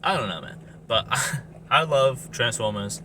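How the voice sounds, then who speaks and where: Male reviewer, mid-pitched, loose profane rant, laughs a lot, steady noise and passing vehicles behind him. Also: a little slow. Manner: rambling, profane, animated, laughs often. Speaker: movie reviewer. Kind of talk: casual rant.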